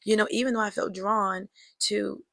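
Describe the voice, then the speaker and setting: Chatty woman with a gravelly edge. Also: medium pitch, fairly even intonation, moderate pace, fairly bright tone, dry recording. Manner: chatty, addresses viewers as girl and y'all; reflective, draws life lessons. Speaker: vlogger telling a personal story. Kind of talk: casual storytelling to camera.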